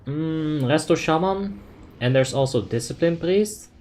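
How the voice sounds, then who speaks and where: A man's voice: a little high, lively intonation, unhurried, darkish tone. A young man casually commenting on his gameplay, reading chat aloud and explaining tactics in a laid-back, filler-heavy way. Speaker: game streamer.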